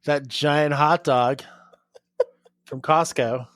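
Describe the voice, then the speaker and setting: A podcast host in casual chat, teasing and joking with bawdy humor and quick laughs. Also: mid-range voice, fairly even intonation, fairly bright tone, no echo, clean studio sound.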